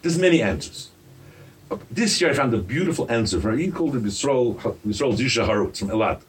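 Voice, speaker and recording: A man preaching a sermon as a rabbi, animated and firing rhetorical questions at his listeners. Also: medium pitch, fairly quick, distant mic, slight background noise.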